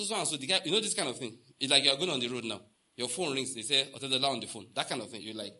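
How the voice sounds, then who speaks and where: Racing through his sermon, a Nigerian pastor speaks with a medium-pitched, bright, forceful voice. He tells stories and dramatizes the dialogue, repeats lines for emphasis, and asks the congregation questions.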